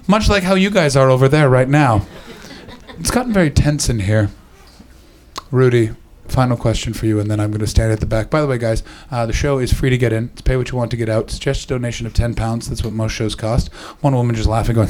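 A man doing a stand-up comedy set, chatting with the audience and shouting out the punchlines. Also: mid-range voice, quick pace. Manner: animated, shouting voices for punchlines. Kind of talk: stand-up set with crowd work.

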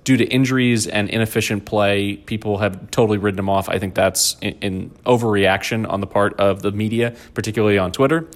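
Low-voiced man hosting a sports podcast. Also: fairly even intonation, fairly quick, few pauses. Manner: jokey, rambling. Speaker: podcast host.

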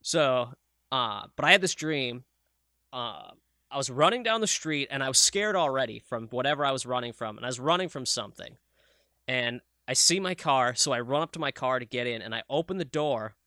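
A man co-hosting a casual podcast, telling animated stories full of swearing and "like". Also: medium pitch, moderate pace, no echo, studio quality. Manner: animated storyteller, swears freely, lots of "like". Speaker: podcast co-host. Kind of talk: casual chat.

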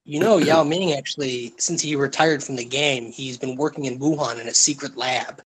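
A man's voice: mid-range voice, moderate pace, breathy edge. A man co-hosting a casual chat, talking in profane, emphatic rants. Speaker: podcast co-host.

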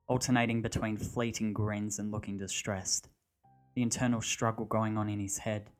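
A man reads a dark story aloud in a low, steady voice. His delivery is measured and even. Faint music sits underneath the narration.

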